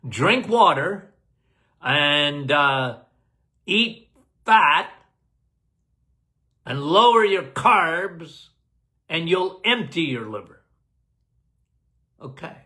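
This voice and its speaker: A man's voice: fairly high pitch, very animated, extremely slow, pauses often, bright, forceful tone. A man, a doctor, answering health questions in a casual live Q&A, emphatic and folksy, often laughing.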